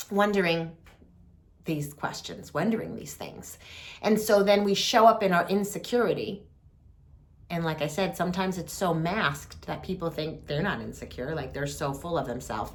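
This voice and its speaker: A woman hosts a reflective talk on compassion. Her voice sits a little low and she speaks slowly. She talks softly and deliberately, with gentle pauses. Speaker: host.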